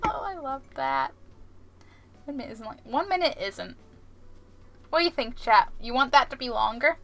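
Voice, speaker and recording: A woman streaming a game, chatting casually with her viewers and tossing out puns as she plays. Her voice is high and bright, with an easy, playful manner. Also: big pitch swings, moderate pace, slight background noise. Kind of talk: casual live-stream chat while gaming.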